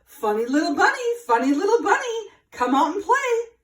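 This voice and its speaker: A woman's voice: very high voice, sing-song, normal speed, recorded from a distance, voice pushed up. A woman voicing a smart little male mouse in a storybook, calling out to his friends, recorded in a roomy space away from the mic. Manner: calling out brightly. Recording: roomy, from afar.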